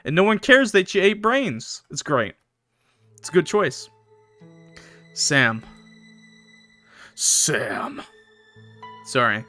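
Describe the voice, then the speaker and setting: A man's voice: sits high, very animated, normal speed, fairly bright tone, faint music behind. A man streaming a horror visual novel, reading it aloud and breaking off for jokey, chatty asides to his viewers. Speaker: game streamer.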